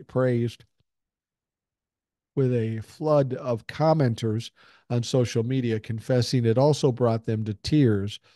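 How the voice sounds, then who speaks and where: A man's voice: mid-range voice, warm tone, no room sound, clean studio sound. Blunt, profane older man podcaster. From Minnesota, USA. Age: 60s. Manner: blunt and profane, reads listener emails and news aloud. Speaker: podcast host. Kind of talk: casual political commentary.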